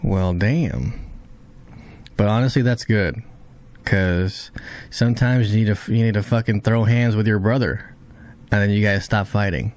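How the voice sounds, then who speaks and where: Excitable swearing man reacting to anime. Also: measured pace, long pauses. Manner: excitable, swears a lot, voice jumps high in shock. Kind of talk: casual reaction commentary.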